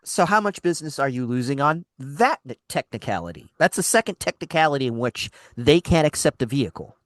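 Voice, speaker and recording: Animated man host telling a story. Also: mid-range voice, a little fast, dry recording, studio quality. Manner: animated, acts out other people's lines in the story; exasperated, laughs between lines. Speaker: radio host. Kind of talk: casual storytelling chat.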